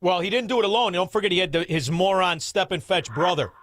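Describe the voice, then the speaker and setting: A man's voice: high-pitched, fast talker, a bit bright, dry recording. A man hosting a talk radio show, brash and mocking as he banters with callers.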